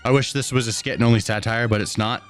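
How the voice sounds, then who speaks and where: A man's voice: medium pitch, steady tone, quick pace, soft background music. A man hosting a live stream, casually reading and answering his chat with easy chuckles. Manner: laid-back, chuckling, talks to chat.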